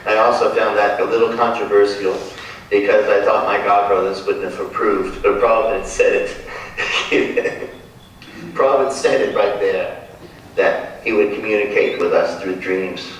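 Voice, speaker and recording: A man's voice: on the low side, steady tone, moderate pace. Man, devotee storyteller, distant and very echoey, faint hum behind. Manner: storytelling, acts out quoted lines, chuckles. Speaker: devotee speaker. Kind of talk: reminiscing talk. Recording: echoey room, distant mic.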